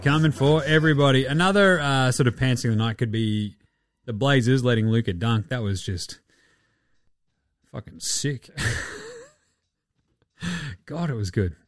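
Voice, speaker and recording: A man's voice: mid-range voice, big pitch swings, measured pace, long pauses, no room sound, clean studio sound. A man with an Australian accent hosting a casual, rambling chat with lots of swearing and chuckling asides. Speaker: podcast host.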